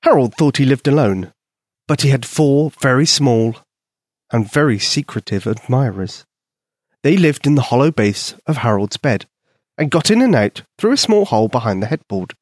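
Expressive male storybook narrator. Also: medium pitch, normal speed, dry recording, studio quality. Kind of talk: children's bedtime story narration.

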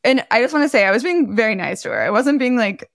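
A woman co-hosting a podcast, telling a story in a lively, laughing way and acting out the people she quotes. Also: fairly high pitch, fast talker, gravelly, no echo, studio quality. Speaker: podcast co-host. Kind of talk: casual storytelling chat.

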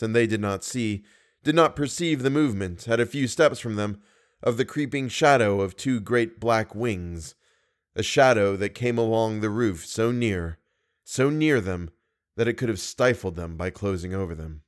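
Man narrating a classic novel calmly. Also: lowish voice, moderate pace. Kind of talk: audiobook reading.

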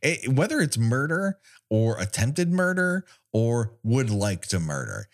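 A man's voice: medium pitch, very animated, unhurried. A man co-hosting a podcast, riffing on a movie in a wry, sarcastic way and laughing often. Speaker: podcast co-host. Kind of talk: casual movie riffing chat.

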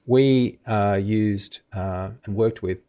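A man's voice: lowish voice, slow, dark tone. A man being interviewed as an expert, explaining carefully step by step with casual fillers. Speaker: guest expert on film dubbing.

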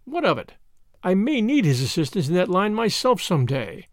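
A man's voice: sits high, moderate pace, no room sound, clean studio sound. A man voicing a cool, scornful society woman. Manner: calm, mocking, coolly superior.

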